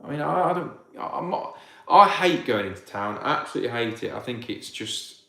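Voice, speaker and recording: A man answers viewer questions live. His voice sits at an ordinary pitch, and he talks in loose, rambling bursts full of restarts that turn into heated rants. The sound bounces around a roomy, echoey space. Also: lively intonation, brisk, gravelly, bright, forceful tone. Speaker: farmer hosting viewer Q&A. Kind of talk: casual livestream chat reading viewer questions.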